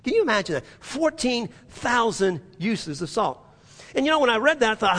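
A man's voice: sits high, sing-song, brisk, a bit bright, in a large hall. A man preaching a sermon in a church, emphatic and repetitive, with frequent restarts. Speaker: pastor.

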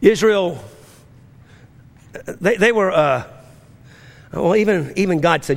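A man preaching a sermon as pastor to a congregation, swinging between fervent rising lines and hushed, low-key storytelling. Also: animated, slow pace, creaky, pauses often. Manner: preaching with rising intensity and drops to a near-hush. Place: church.

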